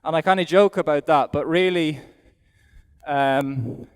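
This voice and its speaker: A man's voice: on the high side, a little slow, clear, resonant tone. A middle-aged man with an Irish accent gives live demonstration commentary as an event rider, chatting aloud in a self-deprecating way while he rides. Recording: long hall reverb from an arena.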